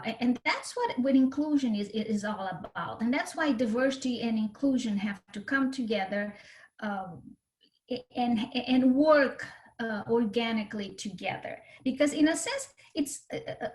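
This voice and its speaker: A woman's voice: a little high, normal speed, a little mellow. A woman from Brazil with a Brazilian Portuguese accent, a guest on a podcast interview explaining her ideas earnestly, sometimes repeating words. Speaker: guest, cultural differences consultant.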